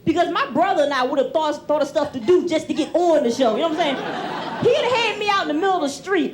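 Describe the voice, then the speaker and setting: A woman doing a stand-up set on a TV club stage, animated and conversational, acting out family members. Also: high voice, fast, crowd noise. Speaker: stand-up comedian. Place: comedy club stage with audience. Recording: 1990s TV club recording. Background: audience laughter.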